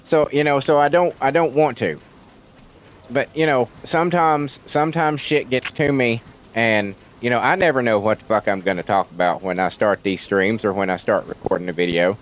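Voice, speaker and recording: Thick Southern accent, Tennessee roots: this man vents on a livestream in casual, rambling chat, swearing without restraint. He speaks at a moderate pace in a medium-pitched voice, and the audio is poor.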